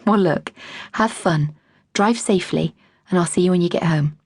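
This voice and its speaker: A woman's voice: lowish voice, moderate pace, darkish tone, breathy edge, no room sound, studio quality. A woman voicing a flustered, apologetic young mother in an audiobook. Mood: warm.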